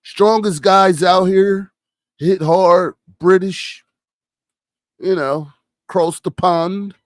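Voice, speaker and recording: Guy on a podcast talking boxing, slow and emphatic, keeps asking questions and repeating himself, dry close sound. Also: high-pitched, steady tone, no echo. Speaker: podcast host. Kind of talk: casual boxing commentary.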